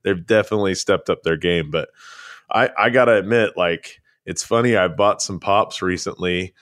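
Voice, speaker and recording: A man co-hosts a podcast, chatting casually and spinning rambling anecdotes. His low-pitched voice moves at a normal speed and sounds a bit bright, with clean studio audio and no room sound.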